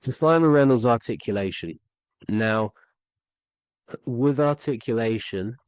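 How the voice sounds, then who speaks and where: A man's voice: low voice, no room sound, low-quality recording. A man teaching voice and speaking skills on a podcast, earnest and repeating key points for emphasis. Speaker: communication skills coach. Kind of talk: instructional podcast talk.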